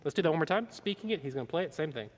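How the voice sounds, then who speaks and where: A man's voice: on the high side, expressive, rapid-fire, big-room sound, background noise. A man leading a choir rehearsal, talking singers through their parts and counting them in, with a keyboard playing. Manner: upbeat, counts in and sings out vocal lines. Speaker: choir director.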